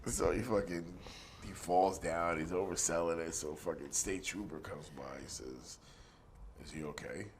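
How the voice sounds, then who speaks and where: At a moderate pace and in a low voice, with a bit of hiss or hum, a middle-aged pro wrestler relates a crude road tale for an interviewer. The casual anecdote is full of profanity, and he keeps breaking into laughter.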